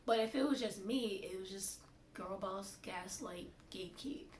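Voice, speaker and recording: A woman's voice: mid-range voice, measured pace. Young woman venting in a roomy space. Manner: candid, frustrated, lots of fillers. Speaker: vlogger. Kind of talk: casual venting monologue. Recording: roomy, distant, faint hiss.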